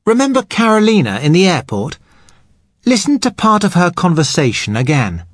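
A man working as an English teacher, explaining grammar to learners in a patient, measured way. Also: high voice, huge pitch swings, no room sound.

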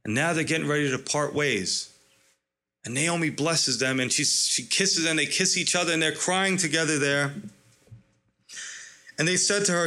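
A man's voice: on the high side, moderate pace, pauses often, bright, forceful tone. A man preaching an expository sermon, emphatic, stretching out key words and asking rhetorical questions. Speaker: pastor.

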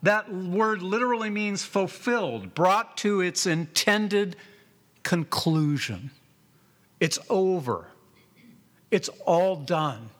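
Pastor guy preaching real slow, bright voice, hammering the same phrases over and over. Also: high voice, lively intonation. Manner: emphatic, repeats phrases for weight; slow and deliberate, drawn-out phrases. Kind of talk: sermon.

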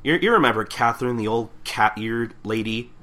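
A man's voice: medium pitch, brisk, bright, forceful tone, a little hiss or hum. A man co-hosting a podcast, recapping a manga chapter in casual, rambling chat full of fillers and restarts. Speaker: podcast co-host.

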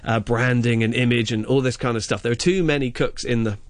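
A man's voice: medium pitch, fairly even intonation, brisk, no room sound. Enthusiastic man reviewing a film on radio. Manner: enthusiastic, rambling with fillers. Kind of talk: casual radio chat.

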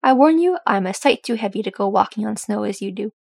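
Loud, blustering old male dwarf for a storybook reading, gravelly edge, voiced by a woman. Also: medium pitch, lively intonation, quick pace, no echo, clean studio sound. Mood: boisterous. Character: gruff boisterous old male dwarf warrior.

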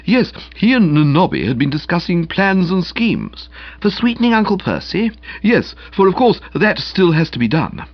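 A man voicing an eager, excitable young gentleman friend who lays out schemes in an emphatic, breathless rush, in an audiobook. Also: high voice, moderate pace, dry recording, dull audio, pitched above the performer's own voice, exaggerated voice. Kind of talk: audiobook character voice.

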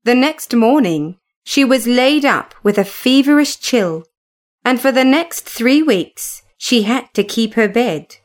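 A woman narrating a classic novel in a measured, even reading voice. She speaks slowly and deliberately, with a fairly high pitch. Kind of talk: scripted storybook narration.

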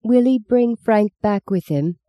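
A reader voicing a frightened young girl in a family story, speaking in a higher pleading voice. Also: measured pace, dark tone, no echo, clean studio sound, lightly acted.

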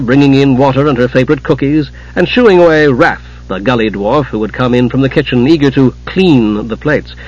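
A man narrating an audiobook in a steady storytelling manner, husky-voiced. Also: mid-range voice, muffled recording. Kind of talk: scripted narration.

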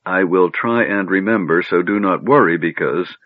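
A man voicing an excitable, fussy male gnome who talks in rapid, eager bursts, recorded on a narrow phone-like line. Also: on the low side, slightly rough, no echo. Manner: rapid, eager, runs words together.

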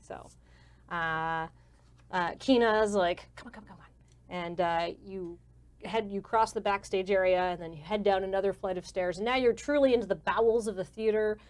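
A woman's voice: medium pitch, normal speed. A woman narrating a tabletop game as game master in a casual, descriptive way. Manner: casual, descriptive, many fillers.

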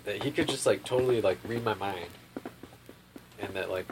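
A man's voice: lowish voice, moderate pace. A young man telling a rambling personal story in casual chat. He fills his talk with "like" and swearing and laughs often. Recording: faint background noise.

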